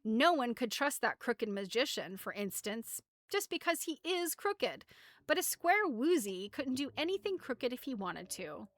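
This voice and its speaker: A woman voicing a big, boastful but gentle male storybook beast who talks in a proud, earnest way. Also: on the high side, sing-song, unhurried, no echo, clean studio sound, voice pushed up.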